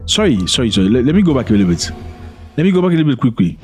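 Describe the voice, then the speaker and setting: A man from Africa hosting a reaction commentary, animated and indignant, repeating lines for emphasis. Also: mid-range voice, rapid-fire, music in the background. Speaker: commentary channel host.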